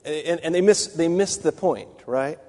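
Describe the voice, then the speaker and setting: In a big-sounding room, a man with a fairly high, mellow voice delivers a Bible teaching unhurriedly. His approach is conversational, as he thinks aloud, restarts sentences, uses fillers and drifts into asides.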